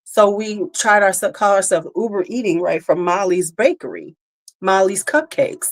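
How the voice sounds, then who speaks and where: A woman's voice: mid-range voice, normal speed. Chatty woman livestreaming to her viewers. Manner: chatty, animated, talks to viewers directly. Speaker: livestream host. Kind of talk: casual livestream chat.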